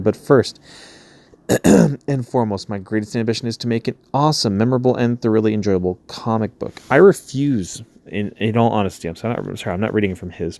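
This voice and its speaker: A YouTuber reviews a crowdfunding campaign, reading the page aloud with casual commentary, laughing easily and trailing off into mumbles. His voice is on the low side, creaky, with a dark tone.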